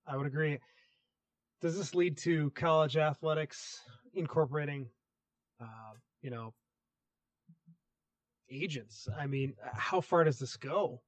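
A man's voice: a little high, slow pace, pauses often, dry recording. A man co-hosting a casual sports podcast, direct and reasoning step by step. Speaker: podcast co-host.

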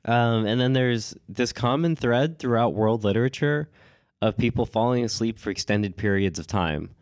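A man co-hosting a podcast with a cold, telling stories in a relaxed chatty way with lots of "like" and small laughs. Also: medium pitch, moderate pace, clean tone, dry recording, studio quality. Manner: relaxed storytelling with frequent "like" and laughs. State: has a cold. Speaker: podcast co-host. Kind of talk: casual chat.

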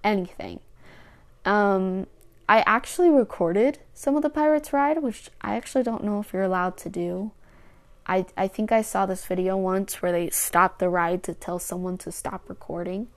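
A woman's voice: medium pitch, moderate pace. A young woman hosting her own podcast, telling a rambling personal story in a casual, chatty way with lots of restarts. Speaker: podcast host.

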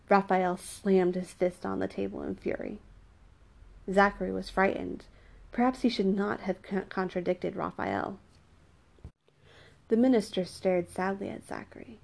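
A woman narrating a novel in an even storytelling manner. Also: medium pitch, unhurried, gravelly, long pauses. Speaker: audiobook narrator. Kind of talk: scripted narration.

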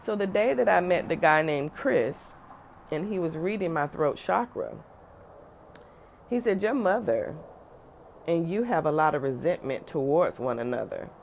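A middle-aged woman telling a personal story in a lively way, acting out the voices of the people in it. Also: low-pitched, normal speed, vocal fry, slight background noise. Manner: animated, acts out other people's voices.

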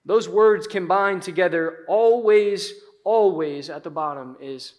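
Preaching with a high male voice, this pastor keeps his sermon animated and conversational, punctuated by dramatic pauses.

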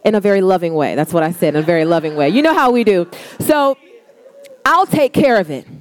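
A woman's voice: on the low side, lively intonation, a little fast. A woman preaching a sermon, telling a personal story in a conversational way and calling the congregation y'all. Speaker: pastor's wife preaching.

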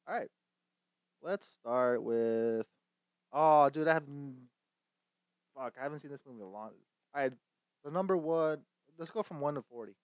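A man's voice: mid-range voice, normal speed, long pauses, no echo, studio quality. A young man hosting a casual movie chat, swearing often, rambling, and laughing between lines. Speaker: host.

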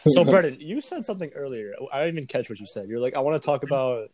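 A man's voice: medium pitch, animated, fast talker, darkish tone. A young man hosting a casual podcast chat, slangy and rambling, laughing often over an online call. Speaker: podcast host.

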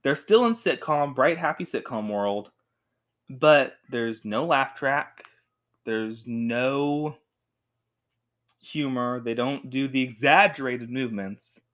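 A young man reviewing a show at home in a rambling, animated way, with frequent restarts. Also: mid-range voice, slow pace. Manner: rambling, animated, with many restarts and acted quotes. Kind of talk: casual talk to camera. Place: home with a cat.

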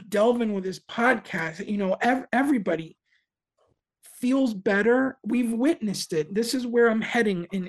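A woman with an average-pitched voice talks as a guest on a casual podcast. She is earnest, and her phrasing is halting and full of restarts as she works toward her point. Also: darkish tone.

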